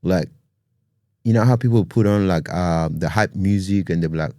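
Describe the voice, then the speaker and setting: A man with a very low, mellow voice hosts a podcast and talks in an easygoing but earnest way. He often tags his thoughts with "you know" and "man". The sound is close and dry. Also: fairly even intonation, normal speed, dry recording. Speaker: podcast host. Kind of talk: casual podcast monologue.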